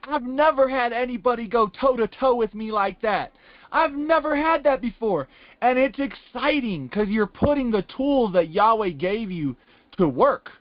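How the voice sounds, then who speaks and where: Calling in to a Bible class, this participant shares testimony in a relaxed, wandering way, leaning on colloquial phrasing and returning again and again to "it's like." His voice is high and the recording is dry, carried over a dull, lo-fi conference line.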